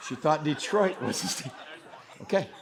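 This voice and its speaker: A man's voice: on the high side, expressive, normal speed. A man from West Texas preaching to a young adult church group, telling funny stories about himself and joking with the crowd. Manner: storytelling with self-mocking humor, often laughing. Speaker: pastor. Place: church meeting hall.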